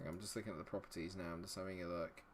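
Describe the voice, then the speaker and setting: A man's voice: low-pitched, steady tone, racing, slight background noise. A man live-streaming a game, chatting with his viewers and muttering to himself while he checks settings. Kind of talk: live-stream commentary talking to chat.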